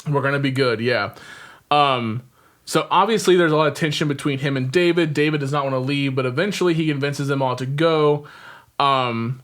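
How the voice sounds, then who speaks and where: This podcast host has a mid-range, slightly bright voice and talks at a normal speed. He gives a casual, rambling rundown of a movie, with plenty of ums and chuckles along the way.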